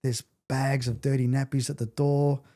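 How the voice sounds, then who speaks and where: A middle-aged man, a guest on a podcast, speaks at a normal speed with a mid-range voice. He intensely retells an emotional story in an animated way, acting out the quoted words.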